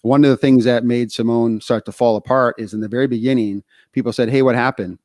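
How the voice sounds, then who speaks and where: A man's voice: mid-range voice, fairly even intonation, fast, mellow, no echo, studio quality. A middle-aged man from the United States co-hosting a podcast, telling candid stories with lots of fillers. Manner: candid storytelling with many fillers. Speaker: podcast co-host. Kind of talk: casual podcast talk.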